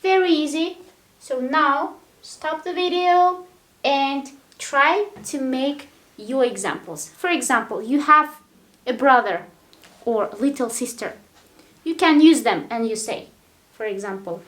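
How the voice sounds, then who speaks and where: A woman with a fairly high voice teaching an English grammar lesson at a very slow, deliberate pace. She repeats each example patiently and checks in with "right?" again and again. The room around her is echoey. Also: fairly bright tone.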